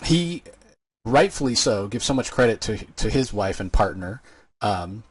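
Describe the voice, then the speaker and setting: A man hosts a casual interview podcast in a husky, low voice. His sound is dry and close, and he rambles through earnest, filler-heavy questions. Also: lively intonation, measured pace, no echo. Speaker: podcast host.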